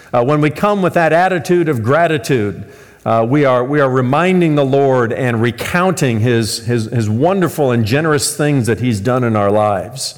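An American man preaching a sermon as pastor, telling a story with animated, shouted punchlines. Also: medium pitch, normal speed, in a large hall. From United States.

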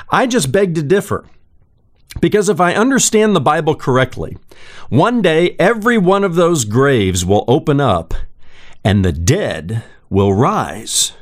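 Guy preaching a sermon, pitch jumps all over, kinda high voice, asks you questions. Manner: emphatic, slows down for key phrases; asks the listener direct questions.

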